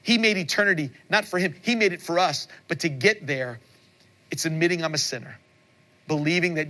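A man's voice: fairly high pitch, fairly quick, pushed and bright. A male pastor preaching a sermon and leading an altar call, earnest and repetitive, with stammered restarts.

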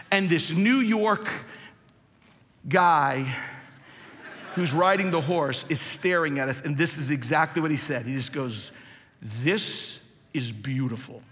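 Emphatic preacher with a bright, high voice. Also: male voice, slight background noise. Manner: emphatic preaching, swinging from loud peaks to low quiet storytelling. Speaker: pastor. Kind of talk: sermon. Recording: reverberant hall.

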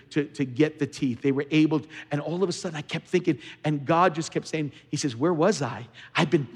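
A man's voice: on the high side, slightly rough. A middle-aged male pastor preaching a sermon, telling a personal story and rising into fervent exhortation. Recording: large hall with long reverb.

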